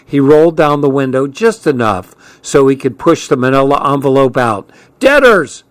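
A man reading a first-person story aloud as an audiobook narrator, with steady storytelling delivery. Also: medium pitch, moderate pace, dry recording. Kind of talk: scripted narration.

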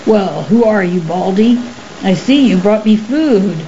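A woman reading an audiobook, voicing a huge, lonely, rough-spoken male creature who talks bluntly and loudly. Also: mid-range voice, lively intonation, unhurried. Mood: gruff. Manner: blunt, exasperated, loud. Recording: slightly muffled with faint hiss.

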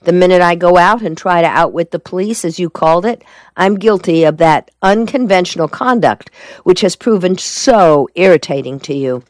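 A woman reading the part of a shrewd, calm male defense lawyer in a storybook, keeping him measured and evasive. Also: fairly low pitch, no echo, pitched above the performer's own voice, lightly acted. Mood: cool.

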